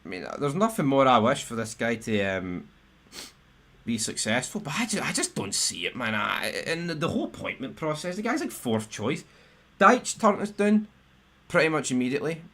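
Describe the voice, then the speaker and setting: A man's voice: medium pitch, very animated, moderate pace, a bit bright. A young Scottish man ranting on a live stream, swearing, tripping over restarts, and his voice jumping up sharply when riled. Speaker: football fan live-streamer. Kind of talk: angry live-stream rant.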